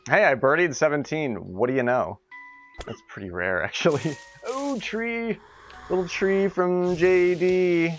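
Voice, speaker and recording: A man's voice: a little high, animated, unhurried, soft background music. Giggly, rambling male game streamer. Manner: chatty, giggly, rambling asides to chat. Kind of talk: casual live-stream chat.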